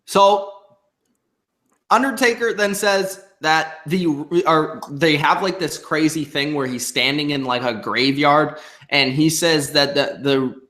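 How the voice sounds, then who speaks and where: A young man casually recapping a wrestling show, slowing down to quote the promos he retells. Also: a little high, sharp tone.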